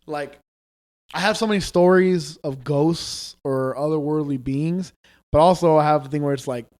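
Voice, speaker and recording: A man's voice: a little high, moderate pace, darkish tone. A man co-hosting a podcast, telling ghost stories in casual chat, loose and swearing, acting out the people he quotes. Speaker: podcast co-host.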